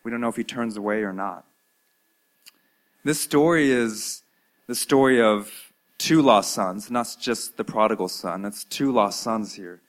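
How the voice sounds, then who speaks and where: A man preaching a sermon, retelling a parable with acted-out voices and big swings from loud to hushed. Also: lowish voice, measured pace. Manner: storytelling, acts out voices with lively swings in loudness. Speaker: pastor.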